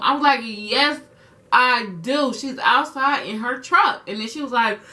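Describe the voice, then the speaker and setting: A young woman vlogger telling a personal story in casual chat, animated and acting out quotes in a high voice, slightly off-mic. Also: moderate pace, distant mic.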